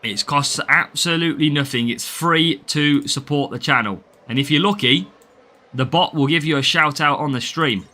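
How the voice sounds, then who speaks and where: Chatty English streamer, slightly higher voice, reads chat and greets viewers. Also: male voice, normal speed, pushed and bright. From England. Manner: chatty, greets viewers by name, laughs often. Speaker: game streamer. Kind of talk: live gameplay stream, reading chat.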